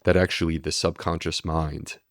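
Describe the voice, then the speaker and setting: Deep-voiced man explaining earnestly. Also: level tone, moderate pace, no echo, clean studio sound. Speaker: gastroenterologist guest. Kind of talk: podcast interview.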